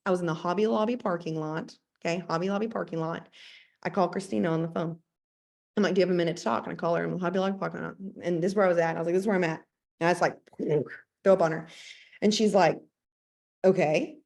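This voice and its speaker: A woman's voice: fairly low pitch, fairly even intonation, very fast, gravelly, darkish tone. A woman in her thirties giving a motivational talk about business habits, emphatic and repetitive with playful asides. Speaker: network marketing team leader.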